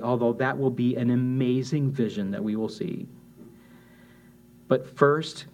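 Man preaching a conversational sermon. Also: medium pitch. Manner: conversational preaching with quoted asides and restarts. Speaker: pastor.

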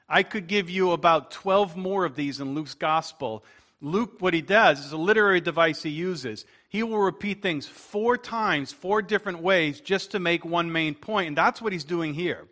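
A man preaching a sermon as pastor, earnest, slowing down and rising in force to stress his main points. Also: a little high, sharp tone.

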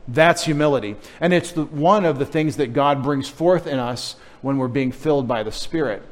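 A middle-aged man preaches a sermon with a playful, teasing manner, coaxing the children to answer and repeat after him. His voice sits at an ordinary middle pitch for a man. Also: normal speed. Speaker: pastor.

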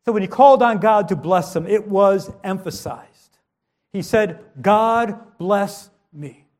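A man's voice: sits high, normal speed, a little mellow. A man preaching a sermon with strong emphasis, rising and dropping his voice, with modest asides.

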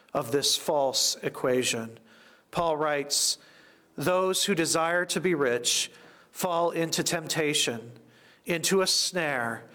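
Slow, measured male preacher. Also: on the high side, fairly bright tone. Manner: measured, deliberate preaching with emphatic repetition. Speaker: pastor. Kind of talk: sermon.

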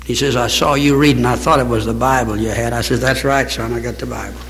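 A man's voice: medium pitch, fairly even intonation, quick pace, fairly bright tone, slight background noise. A man preaching a sermon from the pulpit, telling a story with acted-out dialogue and closing in prayer. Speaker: pastor. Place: church sanctuary. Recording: long church hall reverb.

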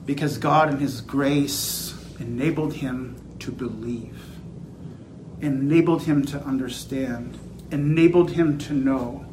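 Male pastor, slow and deliberate delivery, rising to forceful emphasis, reverberant sanctuary sound. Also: mid-range voice, noisy background. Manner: slow, building to emphatic declarations. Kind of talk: sermon.

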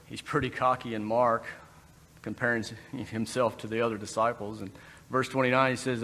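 A man's voice: mid-range voice, flat delivery, moderate pace, pushed and bright. A man giving a conversational sermon, breaking into brief acted quotes. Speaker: preacher. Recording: long reverb in a hall, faint background noise.

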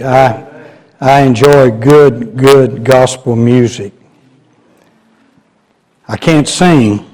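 Slow folksy older preacher. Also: male voice, mid-range voice, darkish tone, rough recording. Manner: slow folksy storytelling, chuckling. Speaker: guest preacher. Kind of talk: sermon. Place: church sanctuary.

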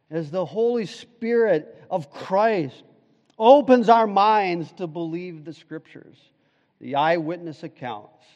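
Slow, emphatic preacher in a reverberant hall. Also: male voice. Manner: emphatic preaching, swinging from loud urgent peaks to quiet low asides. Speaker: pastor. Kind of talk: sermon. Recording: long reverb of a large hall.

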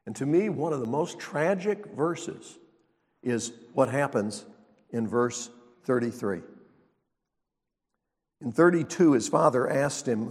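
A male pastor delivers a sermon at an unhurried pace, his voice sitting in a middle register. He teaches conversationally and turns to the congregation with rhetorical questions. The sound carries the long reverb of a large church hall. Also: medium pitch, expressive.

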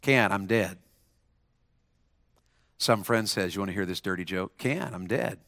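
A man's voice: low voice, a little slow, fairly bright tone, dry recording, studio quality. A man preaching to students, using a volunteer as an illustration and leading them in call-and-response phrases. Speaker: preacher at a school chapel. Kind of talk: sermon to students.

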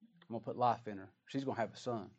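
A man preacher voicing God, speaking in a quick, low, wounded tone. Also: dull audio, lightly acted. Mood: grieved.

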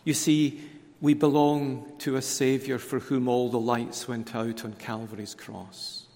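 A man preaching a sermon at a conference, slow and emphatic, sinking to hushed tones on key words. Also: mid-range voice, flat delivery, in a large hall.

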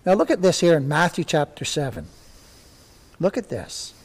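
A man's voice: fairly high pitch, very animated, normal speed. A male pastor preaching a sermon, emphatic and often repeating words for stress.

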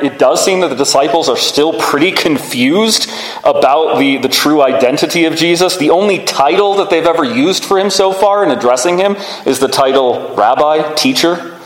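Man preaching in an echoey hall. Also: a little high. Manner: earnest teaching with frequent fillers and restarts. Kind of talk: sermon. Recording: echoey hall with long reverb.

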